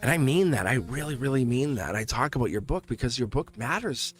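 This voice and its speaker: During a casual live-stream tarot reading, the channel's host rambles, restarts sentences, and laughs often. He's animated and fairly quick, with a medium pitch, and soft music plays in the background.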